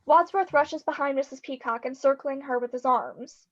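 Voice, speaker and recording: A narrator with a high voice reads stage directions briskly, with a slightly wry touch. The audio sounds dull and lo-fi, like a video call.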